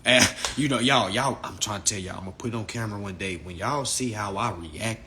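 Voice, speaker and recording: A young man hosting a casual livestream from a phone, talking in an animated, profane way and laughing often. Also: on the low side, brisk, slight background noise. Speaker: livestream host.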